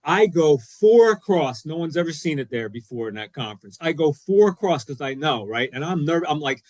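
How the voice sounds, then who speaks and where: A man co-hosting a podcast, telling a story in an excitable, emphatic, self-deprecating way. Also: fairly high pitch, moderate pace, hardly any pauses, no echo. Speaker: co-host, former defensive coordinator. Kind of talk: animated storytelling; casual podcast chat.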